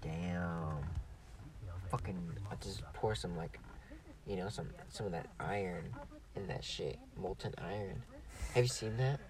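A man's voice: low-pitched, a little slow. A young man in casual chat with a friend, laid-back, slangy and swearing. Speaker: friend chatting. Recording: distant mic in a chatty crowd.

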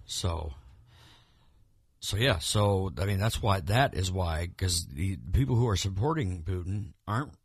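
A low-voiced man co-hosts a podcast of casual political chat, rambling about the news with many restarts and repeated words. He sounds animated, a little slow and slightly rough, recorded cleanly in a studio with no echo.

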